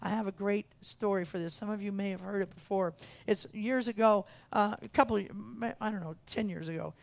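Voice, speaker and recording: A woman's voice: mid-range voice, brisk, creaky, dry recording. A woman minister preaching a sermon in an earnest, emphatic way, repeating her key phrases for weight. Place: church sanctuary.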